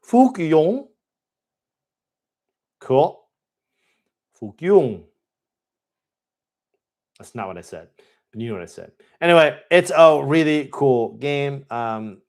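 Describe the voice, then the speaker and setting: Upbeat man rambling about board games. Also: mid-range voice. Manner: enthusiastic, rambling with many fillers. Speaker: board game channel host. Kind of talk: live Q&A chat.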